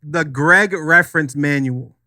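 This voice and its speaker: A man's voice: fairly high pitch, measured pace, pushed and bright, clean tone. A man co-hosting a live comedy show, bantering in a dry, matter-of-fact way. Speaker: co-host. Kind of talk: casual banter on stage. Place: live venue with audience.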